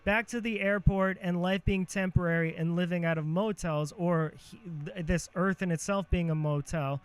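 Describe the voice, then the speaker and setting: High-voiced profane rambling man. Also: fairly even intonation, normal speed, smooth. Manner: profane, self-mocking, shifts cadence and pitch on purpose. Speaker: podcast host. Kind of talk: rambling monologue.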